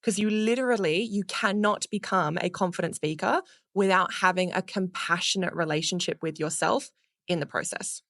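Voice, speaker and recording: An Australian woman, a public speaking coach, giving energetic, playful advice in a podcast interview and casually swearing now and then. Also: on the low side, normal speed, dry recording, clean studio sound.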